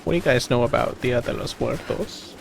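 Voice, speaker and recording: A man's voice: mid-range voice, brisk, vocal fry, slight background noise. An American man streaming a game and chatting casually, often restarting his sentences, swearing freely and laughing easily. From United States. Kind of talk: casual gaming chat.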